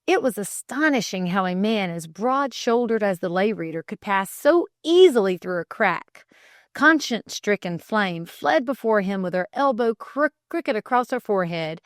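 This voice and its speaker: A woman narrating an old-fashioned story as an audiobook, in an expressive, theatrical manner. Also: mid-range voice, normal speed, dry recording, studio quality.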